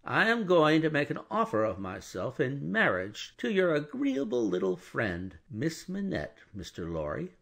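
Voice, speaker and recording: A blustering, pushy middle-aged lawyer, as a male narrator puts him on in an audiobook, pressing his case loudly and indignantly. His husky voice is raised above the narration and swings widely in pitch. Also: wildly swooping pitch, a little slow, few pauses, full character voice.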